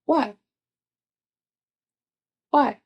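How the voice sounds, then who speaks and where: A woman's voice: extremely slow, highs cut off. A woman vlogger, venting in a blunt, profane monologue full of repeated rhetorical questions. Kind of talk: casual spiritual venting monologue.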